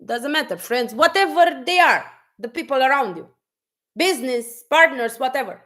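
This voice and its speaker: A woman's voice: high-pitched, animated, normal speed, fairly bright tone. A woman giving an unscripted motivational talk on a live stream, blunt and preachy, often restarting her sentences and swearing casually. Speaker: motivational speaker.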